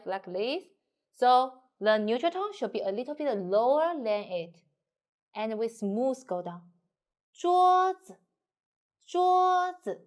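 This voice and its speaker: A woman teacher with a Mandarin Chinese accent, speaking in simple English and modeling tones in a singsong way. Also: fairly high pitch. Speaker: language teacher. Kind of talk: slow explanatory lesson.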